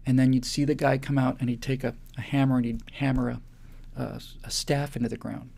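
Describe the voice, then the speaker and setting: Fervent man with a gravelly voice. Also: mid-range voice, flat delivery, fairly quick, a little mellow. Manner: fervent, builds to emphatic repetition. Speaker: live show host. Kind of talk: impassioned monologue.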